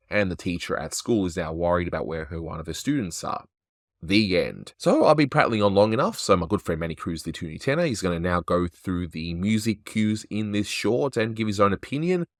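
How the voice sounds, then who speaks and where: A man's voice: low voice, animated, a little fast, no room sound, clean studio sound. A man hosting a show, casually reviewing an old cartoon with wry, rambling asides. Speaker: host.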